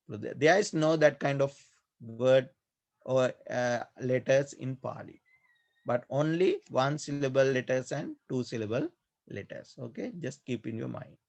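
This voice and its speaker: A male Buddhist monk teaching a class on Pali grammar, speaking slowly, repeating key words and pausing often with fillers. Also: medium pitch, vocal fry, a little mellow. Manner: slow, repetitive, hesitant with many fillers. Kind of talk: online class lecture.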